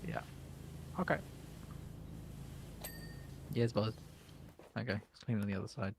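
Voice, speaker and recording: A man's voice: lowish voice, a little slow, background noise. A man with a London accent chatting casually while streaming a co-op game, reading out jokes and greeting viewers. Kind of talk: casual co-op gaming chat.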